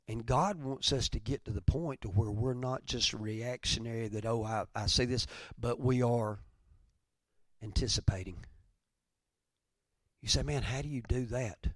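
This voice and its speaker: A man preaching a conversational sermon, telling stories, then rising loud and dropping to near whispers. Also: mid-range voice, moderate pace, no room sound, clean studio sound. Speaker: pastor.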